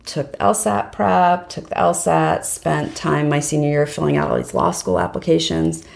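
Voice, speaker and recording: A middle-aged woman with a low, heavily gravelly voice, talking as a podcast guest. She tells her story casually, filling her talk with "like" and "um". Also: steady tone, moderate pace, darkish tone. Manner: chatty, story-driven, lots of "like" and "um". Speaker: podcast guest, fundraising professional.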